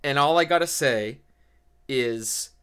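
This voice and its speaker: A young man co-hosting a podcast, ranting excitedly in casual chat and swearing constantly as he keeps exclaiming. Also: mid-range voice, moderate pace. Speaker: podcast co-host.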